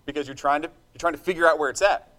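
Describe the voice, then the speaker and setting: A man's voice: fairly high pitch, very fast, a bit bright. A man preaching a sermon with passion and emphasis, stopping to ask his listeners for an "amen.". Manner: impassioned, emphatic preaching with call-and-response asides.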